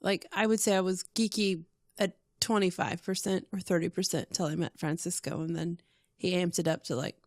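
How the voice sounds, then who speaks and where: A woman guest in a casual podcast chat, bubbly and given to squealing when she quotes her own excitement. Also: on the low side, normal speed, no echo.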